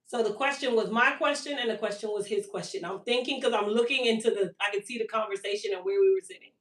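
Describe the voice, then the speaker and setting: A woman, hosting a live stream for her hair care business and telling a long-winded, animated story about her toddler. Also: mid-range voice, quick pace, far from the mic. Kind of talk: casual live-stream sales chat. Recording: echoey room, voice a bit off-mic.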